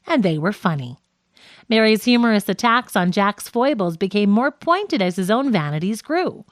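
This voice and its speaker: A woman reading a nonfiction audiobook with clear, measured narration. Her voice sits a little high and moves with a lively melody. The recording is close and dry. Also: no echo.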